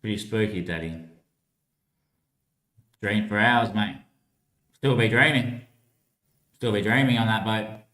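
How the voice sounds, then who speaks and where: A man's voice: lowish voice, measured pace, pauses often, a bit bright, roomy sound. A man giving a rambling, surreal monologue. He swears a lot, drops "mate" into almost every line and laughs between thoughts. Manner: swearing, says "mate" constantly.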